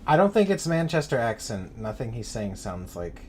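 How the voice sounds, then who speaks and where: A man's voice: mid-range voice, very animated, normal speed, a little mellow, slight background noise. A man chatting casually while playing a game, with dry sarcastic humor. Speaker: co-player. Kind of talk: casual gaming chat.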